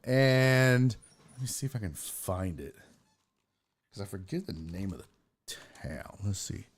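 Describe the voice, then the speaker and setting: A man's voice: on the low side, expressive, unhurried, pauses often. A man hosting a sports podcast, telling a loose, profane road story. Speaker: sports podcast host and comedian. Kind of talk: casual storytelling.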